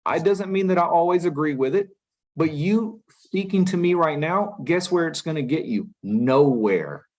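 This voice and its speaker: A man's voice: high voice, moderate pace, low-quality recording. Firm, patient male judge in court. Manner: firm but patient, repeats "listen" to hold attention. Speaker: magistrate judge. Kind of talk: courtroom first appearance hearing.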